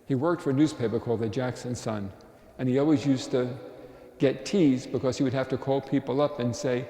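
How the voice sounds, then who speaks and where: Older priest in his 60s, mellow low-key voice, slow reflective sermon, big echoey church. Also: fairly even intonation. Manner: slow, reflective preaching with personal anecdotes. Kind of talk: Lenten sermon with storytelling. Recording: echoey church with long reverb.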